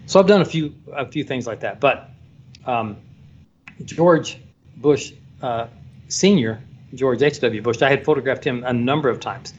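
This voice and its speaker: A man working as a photographer, telling a story in a casual, animated way and acting out the voices of the people in it. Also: mid-range voice, a little slow. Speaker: photographer guest. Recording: dull lo-fi sound, faint background noise.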